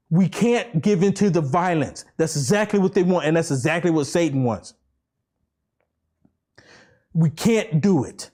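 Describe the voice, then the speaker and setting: A high-pitched man rants to camera as a political vlogger, circling back over the same points and pelting the listener with rhetorical questions. His voice climbs into fervent near-shouting, then drops low and slow into preaching. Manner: repetitive, rambling, with urgent rhetorical questions. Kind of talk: impassioned political rant to camera.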